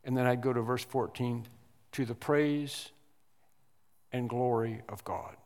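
A man preaching an expository sermon as pastor, speaking deliberately and leaning hard on single words for emphasis. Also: medium pitch, steady tone, darkish tone, big-room sound. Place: church sanctuary.

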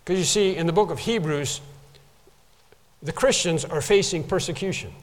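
A man's voice: on the high side, moderate pace. A man preaching a sermon as a pastor, emphatic, repeating phrases for stress. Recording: long reverb of a large hall.

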